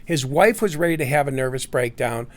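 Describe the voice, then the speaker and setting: A man's voice: mid-range voice, animated, a little fast. A middle-aged man rambling through a personal story, acting out what others said. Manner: rambling, with restarts and acted-out quotes. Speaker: storyteller recounting personal experience.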